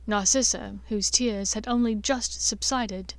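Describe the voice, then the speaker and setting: A woman narrating a fan-fiction audiobook in a measured, expressive reading. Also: medium pitch, no echo.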